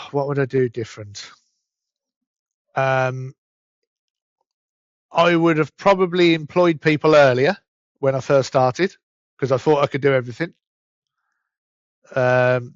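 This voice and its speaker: A man's voice: medium pitch, no room sound, muffled recording. A man with a Birmingham accent, a podcast guest talking casually with stumbling restarts. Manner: chatty, stumbling restarts, rushed bursts. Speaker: podcast guest, events company director. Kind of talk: casual interview chat.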